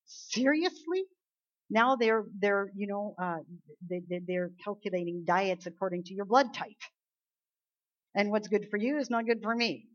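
A woman preaching a sermon, talking casually with the congregation and swinging between hushed and emphatic. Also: medium pitch, highs cut off.

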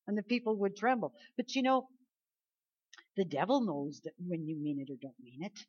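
A middle-aged woman preaches with emphasis. She swings from quiet asides to loud, commanding lines. The recording sounds dull and lo-fi. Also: mid-range voice, expressive, moderate pace, husky. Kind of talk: sermon.

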